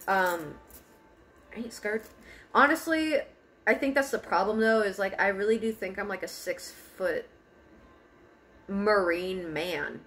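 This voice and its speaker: A woman's voice: medium pitch, a bit bright, slight background noise. A young woman telling a personal story in a casual car vlog, candid, laughing often and swearing freely. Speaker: vlogger. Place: parked car.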